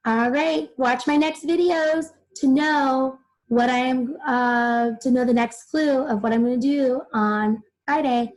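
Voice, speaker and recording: A woman's voice: high voice, steady tone, unhurried, few pauses, low-quality recording. A young woman teacher explaining a children's novel chapter to her students in simple terms, full of "like" fillers. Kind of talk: recorded reading lesson for children.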